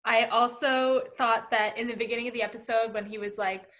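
A woman's voice: on the high side, fairly even intonation, fairly quick, fairly bright tone. A woman hosting a podcast, chatting casually and laughing often. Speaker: podcast host. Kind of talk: casual chat.

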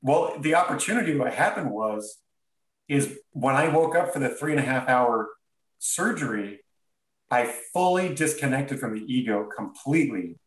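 A man, a podcast guest, telling a personal story in an earnest, halting way with many restarts. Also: medium pitch, animated, reverberant, distant mic, low-quality recording. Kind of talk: reflective storytelling.

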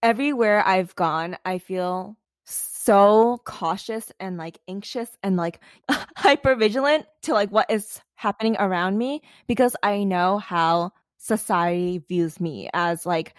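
Animated young woman chatting on a podcast. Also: medium pitch, measured pace, no room sound, clean studio sound. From United States. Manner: animated, swears freely, frequent "like". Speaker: podcast co-host. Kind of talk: casual podcast chat.

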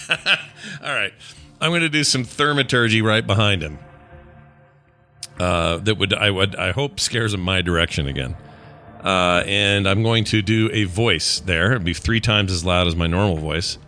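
A man's voice: lowish voice, measured pace, sharp tone, soft background music. A man playing a tabletop game, thinking aloud in a hesitant way. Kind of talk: casual play at a tabletop game.

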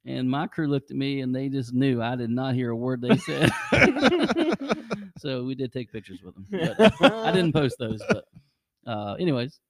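A man's voice: mid-range voice, big pitch swings, unhurried, a crowd in the background. A man hosting a podcast, rambling casually through travel stories and chuckling often. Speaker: podcast host. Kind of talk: casual chat.

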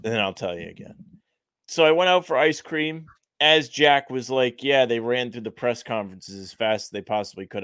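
A man's voice: mid-range voice, a bit bright, no echo, studio quality. Wry young male podcast co-host. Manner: wry, complaining banter. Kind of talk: casual chat.

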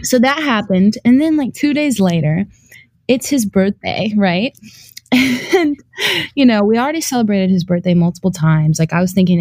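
A young woman spins her stories in a loose, animated way, breaking into giggles, filling every gap with "like" and dropping a curse here and there. Her voice sits at an ordinary middle pitch for a woman. It is recorded close and dry, with no room sound around it. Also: brisk, no echo. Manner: animated and giggly, heavy use of "like", casual swearing. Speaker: guest storyteller. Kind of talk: casual storytelling chat.

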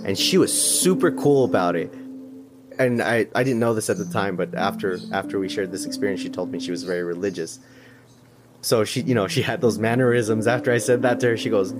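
A man tells a personal story in a relaxed, conversational way, letting out small laughs as he goes. His voice sits on the low side. Music plays clearly underneath him. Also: a little fast. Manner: chuckles often while telling. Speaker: storyteller guest.

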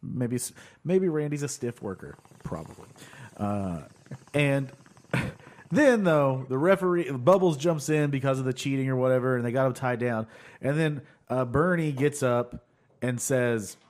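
A man talking loosely on a podcast, trailing into filler words and curse words as he recaps. His pitch sits in an ordinary middle range. He laughs easily between thoughts. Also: expressive, a little slow, a little mellow. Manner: rambling, profane, laughs often, many fillers. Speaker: podcast co-host. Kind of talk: casual chat recapping a show.

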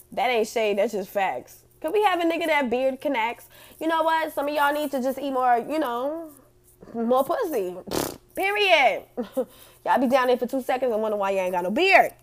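A woman hosting a casual chat and reading out audience comments, blunt and profane, laughing often. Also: fairly high pitch.

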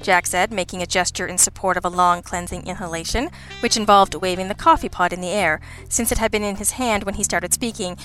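A woman narrates a first-person story with a dry, ironic edge and a middle pitch. Faint music plays softly underneath the reading. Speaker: audiobook narrator.

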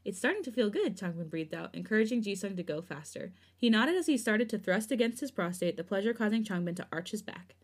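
Woman podcast host reading a story aloud, steady and even, mid pitch. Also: fairly quick, hardly any pauses. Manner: smooth, steady reading, giggly in chat. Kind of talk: reading fan fiction aloud with asides.

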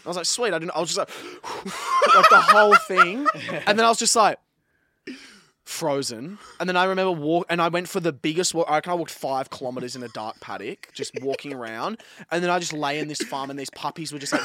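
A young man co-hosting a casual chat, animated and swearing, quick to laugh. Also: fairly high pitch, slight background noise. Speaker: podcast co-host.

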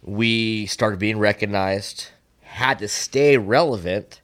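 A middle-aged man on a casual podcast, telling fishing stories with plenty of swearing. His voice sits fairly low. He perks up and gets animated when he acts out what people said. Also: slow. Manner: profane, storytelling, animated when reenacting. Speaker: podcast guest, swimbait angler.

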